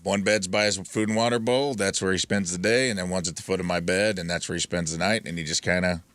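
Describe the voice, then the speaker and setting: A man's voice: sits low, fast talker, no room sound. A man hosting a radio show, telling a story in casual studio banter and acting out what others said. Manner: animated storyteller, acts out quotes. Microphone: studio microphone.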